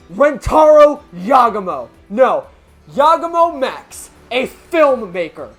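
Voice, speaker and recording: A performer voicing a hot-headed, defiant young male film director in a game dub, talking loud and forceful. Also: medium pitch. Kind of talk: dramatic video game voice-over reading.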